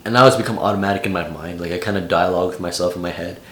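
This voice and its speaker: A man's voice: low voice, steady tone, rapid-fire, a bit bright, slight background noise. Laid-back teenage guy, roomy echo. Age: late teens. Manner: loose, slangy, full of "like" and "bro". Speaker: vlogger. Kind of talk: casual advice vlog.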